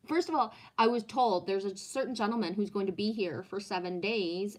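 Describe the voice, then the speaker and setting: A woman, a former restaurant owner and chef, telling a personal story in casual talk, swearing freely and acting out the people she quotes. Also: on the low side. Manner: blunt, swears freely, acts out quoted dialogue.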